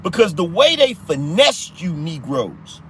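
A man's voice: on the high side, very animated, a little slow, a bit bright, a little hiss or hum. A man hosting a live political commentary show, talking in a slangy, repetitive style and teasing his audience. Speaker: podcast host.

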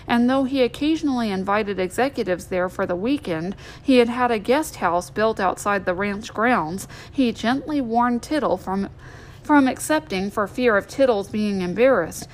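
A woman's voice: on the high side, expressive, moderate pace, slight background noise, low-quality recording. A woman narrating a biography as an audiobook, reading steadily with small restarts now and then. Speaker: audiobook reader.

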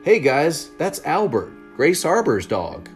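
Storybook figure: a sensible teen boy, earnest and reasoning, pitched up, read by a man. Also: huge pitch swings, slow, faint music behind, full character voice. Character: sensible cautious teenage boy.

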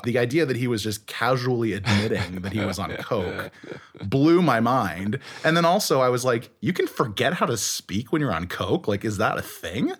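A man's voice: medium pitch, husky. A man guest in a casual interview, telling stories animatedly, laughing and acting out what people said. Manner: animated, laughing, acts out quotes.

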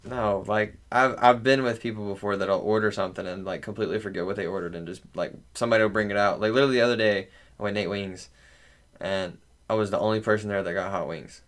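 A young man with a very deep, low voice tells a story in a relaxed podcast chat. He rambles and circles back, leaning on filler words as he goes. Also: fast talker. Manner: rambling, loose, lots of fillers and laughter. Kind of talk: casual chat.

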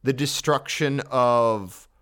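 A man's voice: medium pitch, slow pace, fairly bright tone. A man co-hosting a podcast who talks in lecturing, declarative pronouncements during casual chat.

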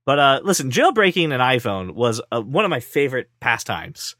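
A man's voice: medium pitch, sing-song, normal speed, pushed and bright, dry recording. Bantering man on a dry mic. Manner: playful, mock-offended banter. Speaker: podcast co-host. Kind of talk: casual tech podcast chat.

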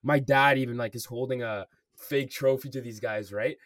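A man's voice: mid-range voice, steady tone, normal speed, fairly bright tone, dry recording, clean studio sound, recorded from a distance. A young man co-hosting a podcast, telling a story in casual chat, swearing often and filling with "like" and "bro". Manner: swears a lot, says "bro" and "like" constantly. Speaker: podcast co-host.

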